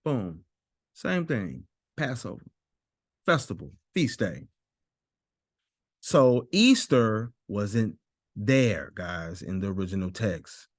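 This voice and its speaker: A man teaching a Bible lesson while sharing his screen, slowly repeating and stressing Hebrew words. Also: on the low side, animated, no room sound, studio quality. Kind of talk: screen-share scripture lesson.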